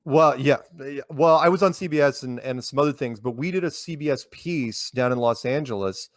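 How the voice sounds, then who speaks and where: A man's voice: medium pitch, a little fast, dry recording, clean studio sound. An American man, a guest in an interview, telling stories in a loose, rambling way with many restarts and repeated words. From United States. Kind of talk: casual conversational storytelling.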